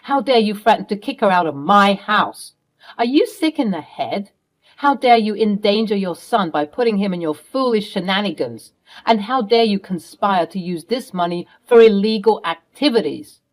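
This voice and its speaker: A woman's voice: mid-range voice, animated, moderate pace, close to an everyday voice. A woman playing a fierce, protective middle-aged mother who speaks in firm, cutting terms. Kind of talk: storytime role-play.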